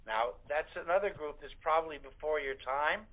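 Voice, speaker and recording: A man's voice: a little high, moderate pace, a little hiss or hum. An older man, a guest actor, telling rambling anecdotes in a casual interview, with many fillers. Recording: tinny phone line.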